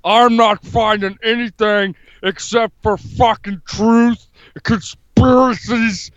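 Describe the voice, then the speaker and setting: A man's voice: sits high, steady tone, slow pace, no echo. A man doing a comedic impression of a paranoid, off-grid ex-wrestler politician, ranting with lots of profanity and repeating himself. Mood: gruff ranting. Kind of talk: comedic impression on a live stream. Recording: dull lo-fi mic.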